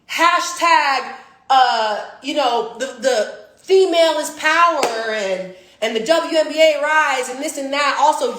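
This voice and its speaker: High-voiced young woman ranting profanely. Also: a bit bright. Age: 20s. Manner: profane, emphatic, preachy ranting. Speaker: professional athlete. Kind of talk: livestream rant. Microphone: phone.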